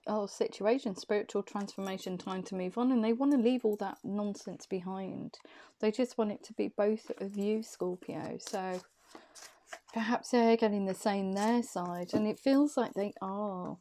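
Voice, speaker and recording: A woman with a warm, mellow voice reads tarot cards for the viewer. She interprets each card loosely, thinking aloud as she goes, at a middling pitch for a woman. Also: slight background noise. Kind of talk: intuitive tarot reading, addressing the viewer.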